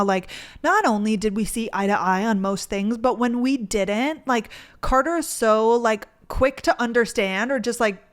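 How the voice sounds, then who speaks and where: A young woman telling a dating story in a casual, rambling way, with lots of "like" and gushing asides. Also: a little high. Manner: gushing, rambling, filler-heavy with frequent "like". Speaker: vlogger.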